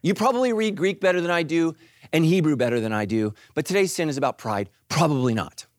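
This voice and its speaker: Animated joking male pastor preaching. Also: on the high side, fast, no room sound. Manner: animated, joking, puts on voices for quotes. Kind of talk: sermon.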